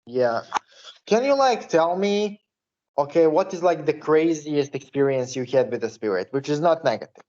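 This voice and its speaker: A man hosts a podcast, talking loosely and swearing freely, his sentences full of fillers. His voice sits a little high. The sound is muffled and lo-fi. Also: lively intonation, moderate pace, a little mellow. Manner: casual, profane, filler-heavy. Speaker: podcast host. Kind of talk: casual interview chat. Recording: dull lo-fi recording.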